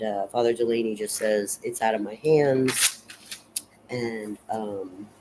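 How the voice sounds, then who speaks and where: A woman casually recapping and analyzing a film in a rambling, unhurried way, full of fillers and restarts. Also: a bass voice, a little mellow, slight background noise, low-quality recording. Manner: unhurried and reflective. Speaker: film reviewer.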